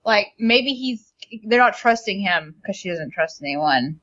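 A woman's voice: medium pitch, animated, measured pace, a bit bright. A young woman in her twenties playing a tabletop game in casual chat, laughing and hedging with "like", on a dull lo-fi recording. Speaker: player.

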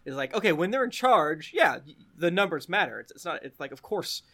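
A man with a higher, bright and forceful voice chatting on a podcast. He jokes and rambles quickly, piling up fillers as he goes. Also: sing-song. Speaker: podcast co-host. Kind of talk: casual chat.

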